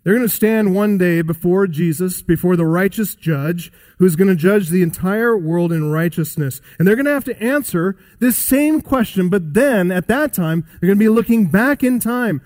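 Male pastor delivering a sermon, emphatic, poses rhetorical questions, voice a touch high. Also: moderate pace, darkish tone.

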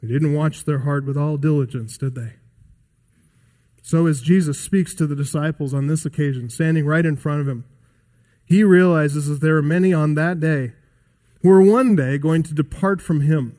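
A man's voice: a little high, moderate pace, dark tone. A man preaching a sermon, emphatic and asking the listeners rhetorical questions. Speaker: pastor.

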